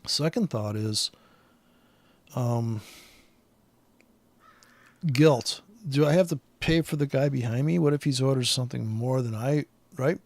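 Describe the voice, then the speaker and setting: A man's voice: medium pitch, measured pace, long pauses, a little mellow, no room sound. A man in a rambling, profane vlog rant, angry and restless, full of fillers. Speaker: vlogger.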